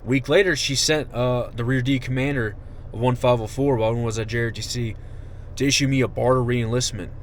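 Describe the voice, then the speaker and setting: A young man and army veteran venting in an angry, profane monologue that swings from shouting to muttering. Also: medium pitch, fairly even intonation, brisk, slight background noise.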